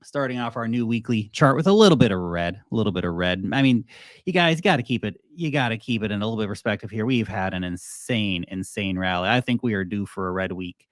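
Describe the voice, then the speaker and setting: An Australian man hosting a casual crypto market show, animated and joking, often mimicking investors. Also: fairly low pitch, quick pace, no room sound, clean studio sound. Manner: animated, joking, mocks investors in put-on voices. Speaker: crypto video host.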